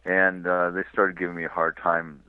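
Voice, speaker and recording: Deep-voiced man telling stories over phone. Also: moderate pace, dry recording. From California. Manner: relaxed rambling storyteller with restarts and small laughs. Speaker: touring cyclist guest. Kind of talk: storytelling on a radio interview. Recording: tinny dry phone line.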